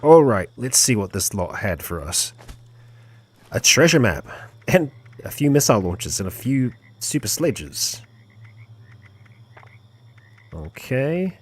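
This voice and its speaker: A man's voice: medium pitch, big pitch swings, measured pace, husky. A man streaming a game live, commentating and cheering on his companion.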